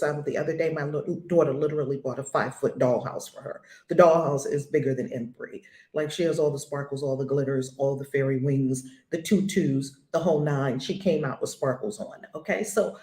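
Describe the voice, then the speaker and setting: A woman's voice: low-pitched, dark tone, roomy sound. An older woman giving a spiritual lesson, blunt and emphatic, hammering home her points by repeating them. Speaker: spiritual teacher.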